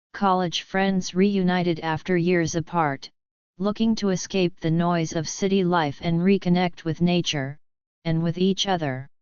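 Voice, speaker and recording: Very slow, soft-spoken woman narrator. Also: lowish voice, clear, resonant tone, no room sound, muffled recording. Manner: slow, soft, hushed and atmospheric. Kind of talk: calm bedtime horror narration.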